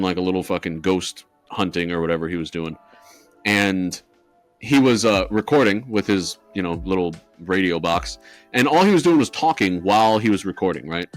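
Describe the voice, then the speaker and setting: A man co-hosting a podcast, telling a ghost story in rambling casual chat with lots of swearing and fillers. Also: lowish voice. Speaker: podcast co-host.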